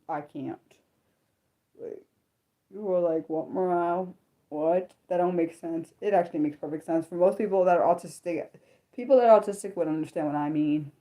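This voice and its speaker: A woman's voice: on the low side, warm tone. A young adult woman hosting an unscripted livestream, talking earnestly in a rambling way with lots of stammered restarts and reacting to viewer comments as she reads them. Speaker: livestream host.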